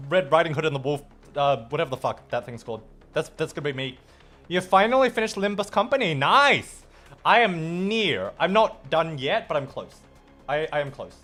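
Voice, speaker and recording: Lively high-voiced male streamer. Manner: chatty and playful, reacts to chat. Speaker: streamer and host. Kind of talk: casual live-stream chat while gaming.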